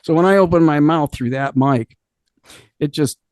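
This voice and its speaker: A man's voice: fairly high pitch, moderate pace, darkish tone, no echo. A middle-aged man from Cleveland, a rock singer, telling stories in a casual interview. He swears freely and laughs often as he talks.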